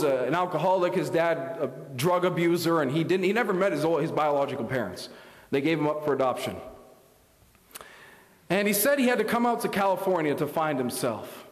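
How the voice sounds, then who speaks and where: A young man from Canada preaches in a church sanctuary, his fairly high voice ringing through a roomy hall with a long reverb tail. He tells his story in a sermon, swinging between loud bursts and hushed near-whispers.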